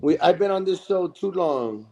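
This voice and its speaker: A man's voice: high voice, normal speed, vocal fry, highs cut off, background noise. A man who is a regular on the show, telling a story casually and acting out what people said. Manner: animated, acts out quoted dialogue.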